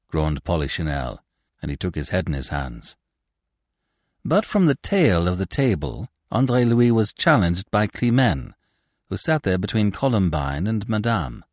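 A male storyteller reads a classic tale with theatrical expression. His voice is deep but ranges widely in pitch, recorded dry and close. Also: very animated, moderate pace, dry recording. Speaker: narrator. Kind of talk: audiobook narration.

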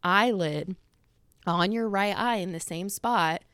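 Woman, 30s, podcast host, slightly breathless, smooth voice, dry close sound. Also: mid-range voice, takes it slowly, a bit bright, no echo. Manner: rambling, lots of fillers and quoted asides. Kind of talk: casual monologue.

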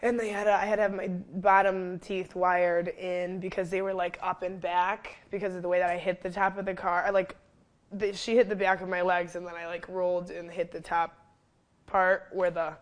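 Lively low-voiced woman telling a story. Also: normal speed. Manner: animated, lots of fillers, acts out quotes loudly. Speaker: fitness trainer and wellness coach, guest. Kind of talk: casual storytelling interview.

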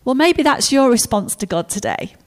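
A woman preaching a sermon, telling stories in a lively way and acting out the characters. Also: on the high side, normal speed.

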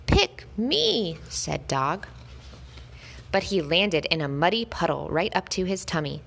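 A woman reads a children's picture book aloud in a gentle, expressive way. Her voice sits on the lower side, and a gravelly fry runs through it. She brightens her tone whenever the tale turns lively. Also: unhurried. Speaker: storyteller. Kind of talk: children's story read-aloud.

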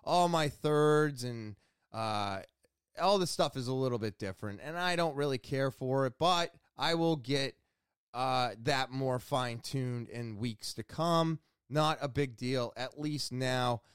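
Smooth-voiced man rambling through his week. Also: mid-range voice, measured pace, no echo, clean studio sound. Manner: rambling, animated storytelling with fillers. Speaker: vlogger. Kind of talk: casual weekly recap.

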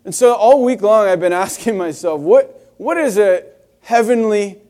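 Young male pastor, slightly high voice, conversational and wry, casual sermon delivery. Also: lively intonation, normal speed, dark tone. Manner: conversational, wry storytelling with restarts.

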